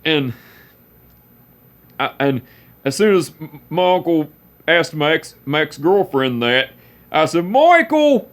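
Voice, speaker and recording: A man telling a personal story, halting and repeating phrases as he restarts. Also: a little high, fairly bright tone.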